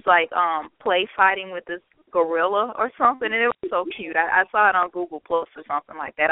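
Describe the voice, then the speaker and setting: A woman's voice: fairly low pitch, dry recording. A woman hosting a casual chat, slightly congested, who often repeats words when starting sentences. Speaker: host. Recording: tinny phone line, dry.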